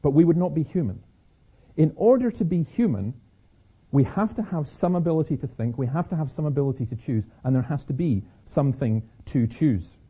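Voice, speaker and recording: Scottish male stage speaker, husky with a sore throat, animated preaching, slightly dull lo-fi recording. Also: a little high, brisk. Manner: lively storyteller, repeats words as he restarts. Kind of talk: preaching talk to an audience. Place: stage before an audience.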